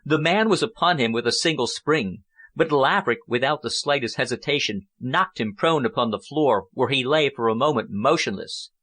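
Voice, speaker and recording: Reading a novel for an audiobook, this man speaks in a mid-range voice. The narration is scripted, and his manner stays even and measured.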